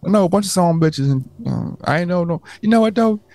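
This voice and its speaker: A man's voice: high-pitched, lively intonation, a little fast, darkish tone, dry recording. A man with a Texas accent, co-hosting a podcast in casual, joking banter full of slang. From Texas, Houston's Third Ward. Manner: laid-back, joking, slangy. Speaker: podcast co-host.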